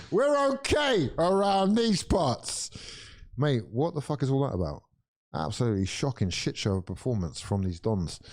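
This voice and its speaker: A young English man streaming a football watch-along, swearing freely and swinging between weary groans and loud outbursts of disbelief. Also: medium pitch. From England. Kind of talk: live football reaction commentary.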